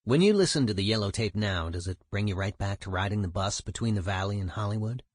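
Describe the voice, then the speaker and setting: A man's voice: on the low side, expressive, quick pace, husky, no room sound, clean studio sound, pitched below the performer's own voice. A man reading as a curious interviewer. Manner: brief, probing questions. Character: curious male music journalist asking questions.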